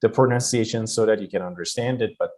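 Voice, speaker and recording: A man's voice: on the low side, quick pace, darkish tone. A man teaching a pronunciation lesson. He leans hard on the stressed words on purpose and explains at length with many fillers.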